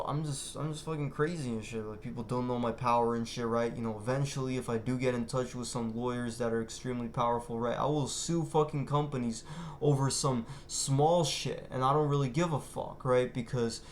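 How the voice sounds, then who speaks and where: A man's voice: medium pitch, roomy sound, a little hiss or hum. A man ranting casually as a vlogger, rambling and boastful, swearing constantly. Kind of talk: casual rant to camera.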